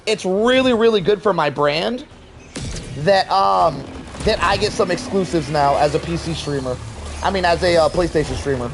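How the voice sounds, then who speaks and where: A man's voice: high voice, lively intonation, normal speed. A young man streaming a game live, chatting casually with viewers, joking and swearing, with game sounds behind him. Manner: chatty, reads chat aloud, swears and jokes. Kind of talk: casual live-stream chat while gaming. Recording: clear game noise behind.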